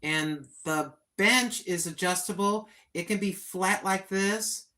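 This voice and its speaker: A woman's voice: medium pitch, slow, pushed and bright. An older woman, a senior citizen, talking in a plain-spoken, chatty and earnest way on her own livestream. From United States. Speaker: vlogger. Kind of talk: casual livestream chat.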